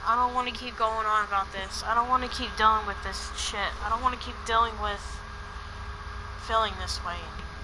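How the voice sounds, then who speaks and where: A woman's voice: a little high, steady tone, fairly quick, background noise. A woman in a heated personal argument on a call, talking in an upset, repetitive way and swearing.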